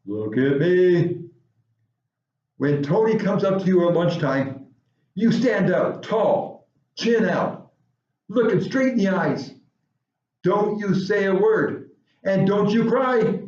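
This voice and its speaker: A man's voice: high-pitched, lively intonation, slow, long pauses, darkish tone, recorded from a distance, voice pushed up. A man voicing a short, tough schoolgirl who gives firm, commanding orders. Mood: stern. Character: bossy, tough little schoolgirl coach. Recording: roomy, dull lo-fi recording.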